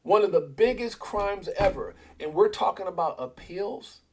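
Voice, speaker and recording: Middle-aged male stream host with a high voice; heated, repetitive, stammering ranter. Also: expressive, moderate pace, slight background noise. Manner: fiery, repeats himself, stammers when worked up. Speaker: livestream host. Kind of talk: heated casual commentary.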